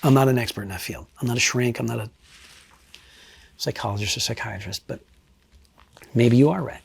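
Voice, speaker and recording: Speaking in an interview, a retired New Jersey state trooper in middle age walks through a case bluntly and with swearing, getting low and quiet when he wants emphasis. His male voice is brisk and creaky, and there's a little hiss or hum.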